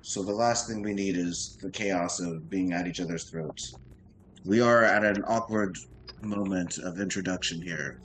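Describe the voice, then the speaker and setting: Guy playing a chill formal talking cat, lowish voice, calming everyone down. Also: a little slow, a little hiss or hum, low-quality recording. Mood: diplomatic. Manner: soothing, formal, reasonable. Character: polite calm talking cat, male. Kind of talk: tabletop role-play.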